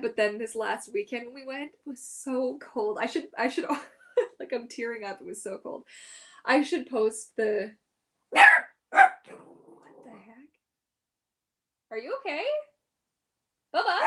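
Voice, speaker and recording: Female livestream host, mermaid performer; chatty, giggly, lots of "like", pitch a touch high. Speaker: mermaid performer hosting a live Q&A. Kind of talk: casual livestream Q&A.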